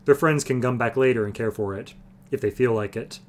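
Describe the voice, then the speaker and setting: A man's voice: medium pitch, a little fast, a little hiss or hum, natural voice. A man reading aloud, voicing a big, blunt male warrior.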